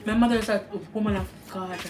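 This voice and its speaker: A woman's voice: medium pitch, fairly even intonation, quick pace. A young woman with a Jamaican accent, talking candidly and animatedly as a guest in a casual chat over a meal, slipping into patois.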